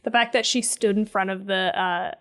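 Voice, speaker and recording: A woman co-hosting a horror movie podcast in casual chat, animated and swearing as she acts out lines. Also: medium pitch, normal speed. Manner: animated, swears, quotes in voices. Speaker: podcast co-host.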